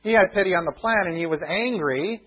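Preacher, male, higher-pitched and husky, animated storyteller, muffled lo-fi sound. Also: a little fast. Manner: animated storytelling, acts out the characters' thoughts. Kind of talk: sermon.

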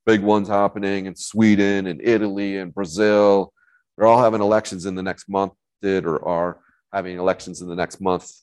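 A man's voice: low-pitched, level tone, normal speed, darkish tone, smooth, poor audio. A man preaching a conversational sermon, talking in a casual, rambling way with many fillers and restarts. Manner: casual, rambling, with frequent fillers and self-corrections. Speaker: Bible college teacher preaching.

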